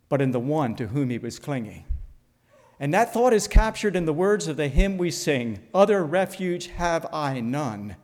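Slow preacher in a reverberant hall. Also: male voice, on the high side, darkish tone. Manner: slow, deliberate preaching with dramatic drops in volume. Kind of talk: sermon. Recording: long reverb of a large hall.

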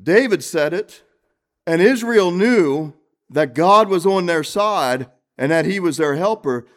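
A man's voice: high voice, expressive, takes it slowly. A man preaching an evening sermon, reading scripture and asking the congregation earnest questions. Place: church, evening service.

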